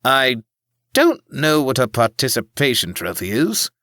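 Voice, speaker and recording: A man's voice: medium pitch, huge pitch swings, a little slow, pushed and bright, no echo, clean studio sound, voice pushed up, exaggerated voice. A man voicing a small invisible tailed creature in an audiobook, offhand and reassuring.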